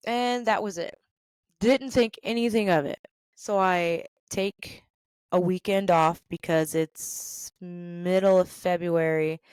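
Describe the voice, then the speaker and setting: A woman in her thirties hosting a podcast, telling a work story in a lively way and acting out the people in it. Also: low-pitched, clean tone, no room sound. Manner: animated, acts out quoted people. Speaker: podcast host. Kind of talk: storytelling rant.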